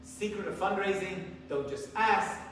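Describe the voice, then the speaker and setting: Rabbi preacher, high-voiced, telling stories with acted-out lines, recorded far off in a big reverberant hall. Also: male voice, unhurried, slight background noise. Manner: animated storyteller, acts out dialogue. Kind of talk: sermon with storytelling. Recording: echoey hall from far off, faint ambience.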